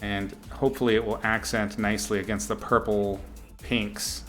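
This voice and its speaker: A young male artist chats through a live painting lesson in a low, relaxed voice. He explains his choices casually, laughs easily and reads out viewers' names. Soft music plays faintly behind him. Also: moderate pace. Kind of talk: casual live-stream commentary while painting.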